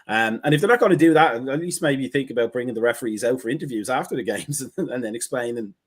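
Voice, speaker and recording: A man's voice: medium pitch, expressive. Wry man co-hosting a football chat. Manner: measured, wry, thinks aloud with restarts. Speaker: co-host.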